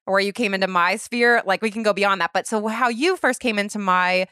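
A woman's voice: mid-range voice, a little fast, pushed and bright, clear, resonant tone, no echo, clean studio sound. A woman in her thirties hosting a podcast, talking in a reflective, casual way with lots of "like" and the odd swear word. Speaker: podcast host. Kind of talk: casual interview chat.

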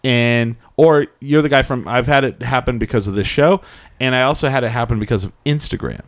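A man's voice: mid-range voice, fairly quick. A man hosting a live web show, chatting casually and telling rambling stories with lots of restarts. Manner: rambling storyteller, frequent restarts. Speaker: podcast host. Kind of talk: casual chat.

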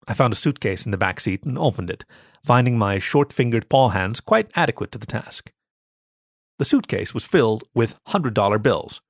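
Animated male storyteller, dry close mic. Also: lowish voice, moderate pace, no room sound. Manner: expressive, animated reading. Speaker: story reader. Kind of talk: scripted narration of an adult story.

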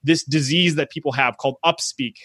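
A man's voice: a little high, steady tone, background noise. A man hosting a podcast, chatting casually with his guest and often restarting his sentences. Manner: quick, casual, with frequent restarts. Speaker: podcast host. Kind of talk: casual interview chat.

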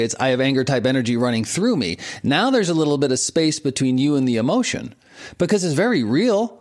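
A man coaching entrepreneurs, explaining breath and intention in a relaxed conversational way, with frequent chuckles and repeated words as he thinks. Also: medium pitch, fairly quick.

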